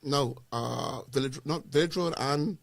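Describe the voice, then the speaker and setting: A man's voice: mid-range voice, measured pace, vocal fry, dry recording. A Bahamian man co-hosting a radio chat, telling stories with laughter and mimicking other people. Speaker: radio show co-host. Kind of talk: casual radio panel chat. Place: radio studio.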